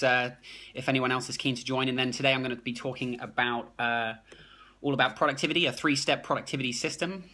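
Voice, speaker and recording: New Zealand man, bright voice, quick excitable chat, live stream on a phone. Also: mid-range voice. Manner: fast, excitable, many restarts. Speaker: productivity blogger hosting a live stream. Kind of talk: casual live-stream chat, reading comments.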